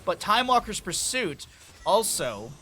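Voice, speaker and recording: A man commentating a live esports match with a bright, forceful voice pitched a little high. He calls the action quickly, breaks into excited outbursts and drifts into rambling side chatter. A faint hiss of noise sits under him. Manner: excitable, rambling asides between fast play-by-play; chatty, talks directly to chat. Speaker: esports caster.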